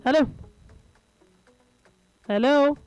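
A woman calls a live football match for radio in a high, bright voice. She thinks aloud between plays and jumps to excited shouts when the action heats up. Faint music sits under her voice. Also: extremely slow.

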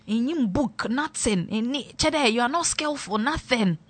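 A woman's voice: on the high side, expressive, unhurried. A woman hosting a radio talk, playful and teasing, turning serious. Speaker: radio host. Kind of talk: casual talk, mixing English and local language.

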